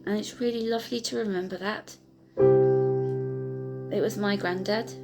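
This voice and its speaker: A woman and piano teacher gently recalling her own learning, talking hesitantly with many pauses and fillers. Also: mid-range voice, fairly even intonation. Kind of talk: reflective personal storytelling. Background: piano music.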